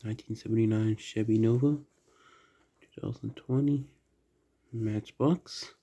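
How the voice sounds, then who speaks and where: A man with a slight Southern accent, chatting quietly through a toy unboxing at home late at night, keeping his voice down. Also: fairly low pitch, steady tone, measured pace. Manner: soft, hushed indoor voice. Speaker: toy collector vlogger. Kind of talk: casual unboxing chat.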